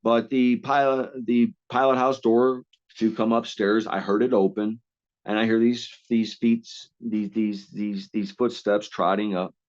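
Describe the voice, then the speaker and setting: A man's voice: on the low side, little pitch movement, unhurried, a little mellow, dull audio. A man telling stories casually as an interview guest, rambling with frequent restarts and coarse language. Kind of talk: casual storytelling.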